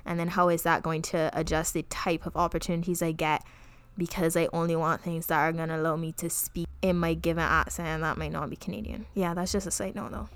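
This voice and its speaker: A young adult woman from the Caribbean co-hosting a podcast, talking in a reflective, earnest way that often pauses mid-thought. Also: low voice, little pitch movement, clean tone, no room sound. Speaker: podcast co-host. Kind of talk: casual chat.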